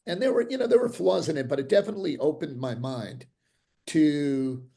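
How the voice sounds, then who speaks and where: A man's voice: a little high, a little fast, creaky. An older man, a dentist, telling stories animatedly in an interview over a video call, with frequent restarts. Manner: animated, acts out quoted voices, frequent restarts. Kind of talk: interview storytelling.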